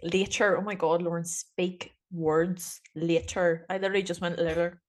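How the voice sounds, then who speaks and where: A woman with a deep voice, a teacher co-hosting a casual podcast and rambling with lots of fillers. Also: level tone, moderate pace, a little mellow. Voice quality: deep voice, says so herself. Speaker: podcast co-host, primary school teacher. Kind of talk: casual chat.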